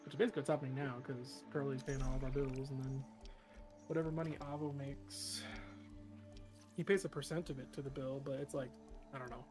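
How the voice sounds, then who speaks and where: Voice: mid-range voice, fairly even intonation, fairly quick, music in the background. A co-host in a game stream, talking casually in a rambling way with lots of fillers and offhand swearing. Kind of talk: casual chat.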